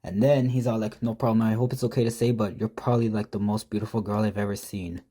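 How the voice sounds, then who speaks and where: A man's voice: fairly low pitch, level tone, fast talker, dark tone. A man casually telling a prank story, reading out text messages with profane, mocking, exasperated commentary.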